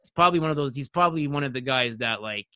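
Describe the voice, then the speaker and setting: A man who is a guest and airline pilot, telling stories in a casual podcast chat. He is animated and profane, and he acts out other people's voices. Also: medium pitch, quick pace, clear, resonant tone, dry recording, studio quality.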